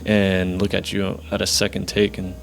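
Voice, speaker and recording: A man talking in a relaxed, reflective way about his own experience in a casual podcast chat. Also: sits low, moderate pace, vocal fry.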